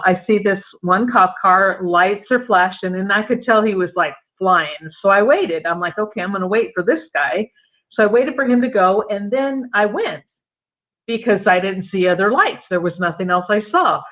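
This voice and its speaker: Plain-spoken woman on a dull lo-fi line. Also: mid-range voice. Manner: firm, plain-spoken storytelling. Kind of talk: casual conversation. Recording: dull lo-fi audio.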